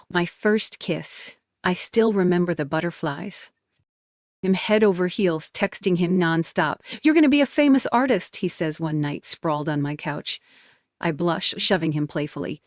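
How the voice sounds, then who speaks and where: Young woman reading her story out, kinda low voice, soft and steady, dry. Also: no echo. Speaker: narrator. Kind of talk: first-person story narration.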